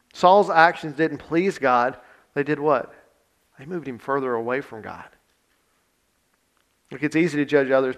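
A male pastor giving a conversational sermon, reading scripture with emphasis and talking plainly with his congregation. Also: a little high.

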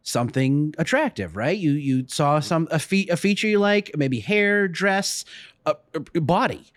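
A man's voice: fairly high pitch, animated, normal speed, no room sound, clean studio sound. A man hosting a podcast, asking questions and reassuring his guest in a thoughtful, hesitant way. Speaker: podcast host. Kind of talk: casual podcast chat.

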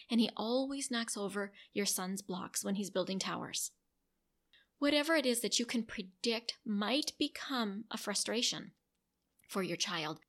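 A middle-aged woman calmly teaching parents, acting out gentle sample talks to a child. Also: medium pitch. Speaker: parenting educator. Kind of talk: instructional talk to parents.

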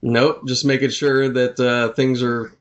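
Relaxed male co-host, mid-range voice, agreeable casual listener. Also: mid-range voice, unhurried, lo-fi sound. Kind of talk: casual chat.

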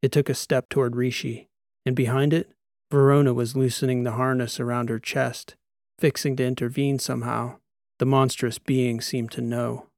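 A man narrates a science-fiction audiobook in the first person, with a steady, measured pace. His voice sits at a middle pitch, and the recording is close and dry, with no room sound. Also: gravelly, no room sound.

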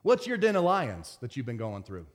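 A pastor delivering a conversational sermon, telling stories in an animated, stop-and-start way. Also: male voice, medium pitch, normal speed. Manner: conversational storytelling, animated, many restarts.

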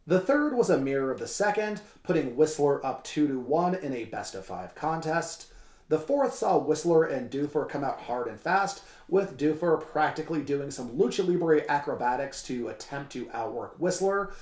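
A man with a somewhat high voice reads old sports reports on a casual podcast, breaking off into jokes and profanity. His voice carries the ring of an echoey room. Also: moderate pace. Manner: animated, jokey, swearing, acts out quotes. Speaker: podcast co-host reading historical wrestling reports. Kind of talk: casual podcast chat with read-out history. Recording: roomy, echoey room sound.

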